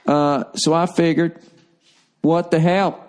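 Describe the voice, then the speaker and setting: A sheepish young man in his mid-twenties drawls through his own confession in a deliberately silly Southern accent, as a man reads his letter aloud. The voice sits somewhat higher than a normal speaking voice and sounds broad and hammy. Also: steady tone. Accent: put-on silly Southern accent. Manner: exaggerated drawl read aloud. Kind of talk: reading a listener letter in a joke voice.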